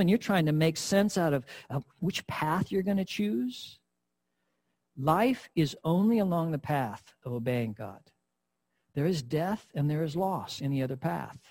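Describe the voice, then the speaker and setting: Male preacher, sermon, husky voice, slightly high pitch, earnest and emphatic. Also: darkish tone. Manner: earnest, emphatic, addressing listeners directly.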